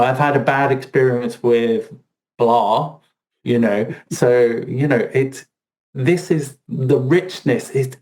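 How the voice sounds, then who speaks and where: A man's voice: medium pitch, darkish tone, low-quality recording. A man co-hosting a podcast in casual chat, rambling and full of "you know" fillers. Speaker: podcast co-host.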